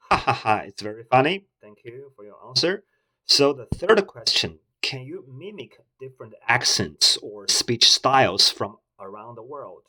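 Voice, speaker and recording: Hesitant man with bright tone. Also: medium pitch, expressive, moderate pace, rough recording. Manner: hesitant, with many fillers. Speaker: tech reviewer host. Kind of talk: casual talk to a voice assistant.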